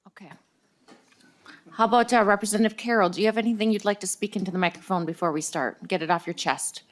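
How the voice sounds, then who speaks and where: A woman's voice: medium pitch, fairly even intonation, quick pace. A woman chairing a legislative committee hearing, chatty and joking, with many fillers. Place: hearing room.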